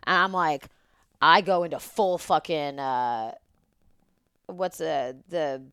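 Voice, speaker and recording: Fast-talking, profane, low-voiced woman. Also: clean tone, no room sound, clean studio sound. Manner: profane, animated, rambling. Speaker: podcast guest; event producer. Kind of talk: casual storytelling.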